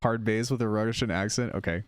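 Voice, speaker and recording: A male music producer on a casual live stream, chatting with viewers while demoing software, rambling and unsure of himself. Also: on the low side, brisk, no room sound, clean studio sound.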